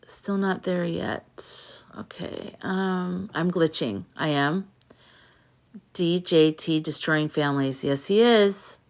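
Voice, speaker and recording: A woman's voice: lowish voice, lively intonation, slow. A woman hosting a casual livestream, reading viewer comments aloud and reacting to them, sounding tired. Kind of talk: casual live-stream chat.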